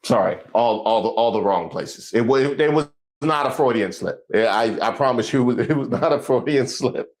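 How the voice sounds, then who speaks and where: A man's voice: mid-range voice, normal speed. A man hosting a comedic news commentary show, casual and slangy, riffing and joking. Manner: animated, joking, breaks into song and laughter.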